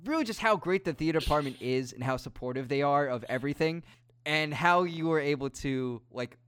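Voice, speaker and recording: A man's voice: on the high side, expressive, a little fast, a bit bright, smooth. A young man hosting a casual chat, encouraging his guest with prompting questions. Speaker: host.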